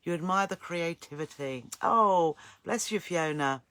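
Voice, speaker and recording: A woman's voice: on the low side, measured pace, a bit bright. An older woman hosts a live sewing stream, chatting casually and greeting viewers by name. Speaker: sewing channel host.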